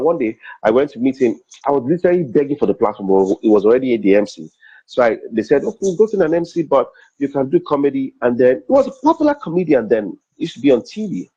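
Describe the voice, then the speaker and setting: Husky Nigerian man telling stories. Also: medium pitch. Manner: animated, acts out quoted dialogue, repeats phrases for emphasis. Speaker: comedian and MC, interview guest. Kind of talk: personal storytelling in an interview. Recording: dull, slightly lo-fi recording.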